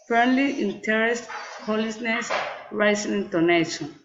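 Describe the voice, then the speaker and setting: A woman reading English pronunciation drills slowly and carefully, word by word, as a student exercise. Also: fairly high pitch, muffled recording, a little hiss or hum.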